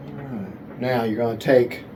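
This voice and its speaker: A man of middle pitch talks slowly through an unboxing, thinking aloud and correcting himself as he goes. He sounds pleased with what he finds. A steady hum of noise sits behind his voice. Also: rough recording. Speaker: RC hobby video host. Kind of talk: casual unboxing commentary.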